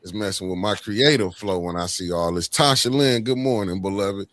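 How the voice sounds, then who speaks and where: A deep-voiced man hosts a casual livestream chat. He talks in loose slang and greets his viewers one by one by name. His tone stays low and easygoing. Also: moderate pace, fairly bright tone, no room sound. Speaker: livestream host.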